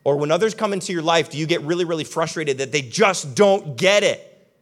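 Soft background music plays beneath a young man's fairly high, fairly quick voice as he preaches in a church hall. Speaking straight to the live audience, the pastor keeps his sermon conversational and emphatic.

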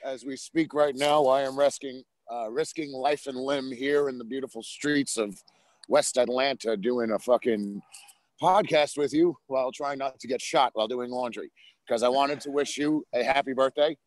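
A man's voice: medium pitch, normal speed, no echo. Swearing, joking man on a call. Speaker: guest. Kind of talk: casual chat.

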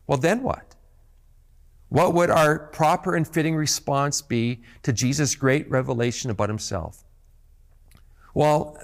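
A man preaching a sermon as pastor, earnest and emphatic, often repeating words as he restarts phrases. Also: mid-range voice.

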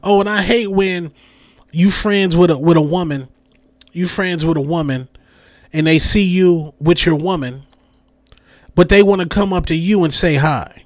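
A man's voice: sits high, measured pace, pauses often, no echo, clean studio sound. A young man hosting a podcast, delivering a comedic rant with repeated catchphrases and mimicked voices. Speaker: podcast host.

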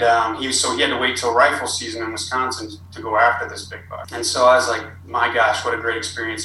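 A man's voice: mid-range voice, bright, forceful tone, a little hiss or hum. A man telling a long, rambling hunting story as a podcast guest. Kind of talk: casual storytelling. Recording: roomy, distant with faint ambience.

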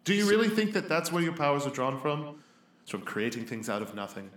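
A man's voice: a little high, fairly quick, a bit bright, roomy sound, close to an everyday voice. A man voicing a stern, formal older male elder of a mages' college who lectures and scolds. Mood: scolding.

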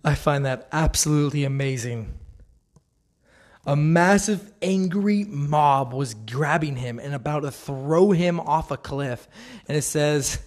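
A man's voice: a little high, expressive, measured pace, a little mellow. A man giving a casual devotional talk, earnest and conversational, often laughing. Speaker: Christian speaker.

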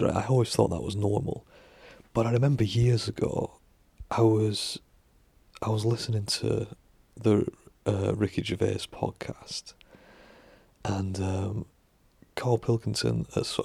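A man muses aloud in a loose, rambling monologue, circling back on himself and dropping the odd swear word. His voice is deeply gravelly and husky. It sits a little low, and the recording is dry and close. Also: darkish tone, no room sound. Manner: musing, full of fillers and restarts, swears casually. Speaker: vlogger.

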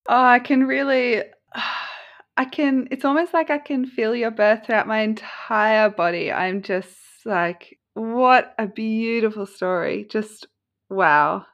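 A woman hosting a podcast, reacting to a guest's story in a gushing, warmly affirming way. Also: on the high side, slow, muffled recording. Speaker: podcast host. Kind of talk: casual interview chat.

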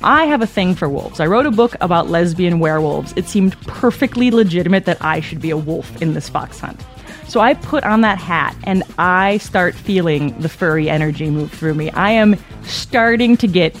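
A woman's voice: fairly low pitch, moderate pace, soft background music. A woman telling a comic personal story in a conversational way, often tagging lines with "right?" and laughing between them. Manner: animated, conversational, frequent "like" and "right?".

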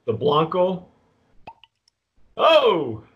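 Man, fairly high voice, casual tasting host, rambling, halting. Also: wildly swooping pitch, lo-fi sound, a little hiss or hum. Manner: rambling, halting, with many restarts and fillers. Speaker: tequila review host.

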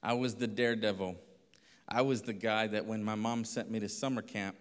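A pastor telling a lively story in a sermon, acting out voices and laughing often. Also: male voice, fairly low pitch, moderate pace, clear, resonant tone. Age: adult. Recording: long reverb of a hall.

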